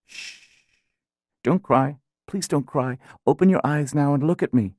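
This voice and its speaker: Hushed, soothing adult daughter in a dry, close take, read by a man. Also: medium pitch, a little slow, no room sound, close to an everyday voice.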